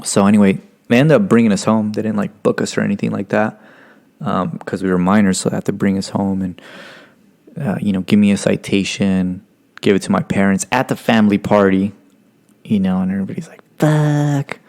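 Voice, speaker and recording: A man from Stockton, California tells a story casually and profanely, rambling with plenty of fillers. His voice is low-pitched with a heavy gravelly fry. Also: level tone, fairly quick, a little mellow. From Stockton, California, United States. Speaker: podcast guest.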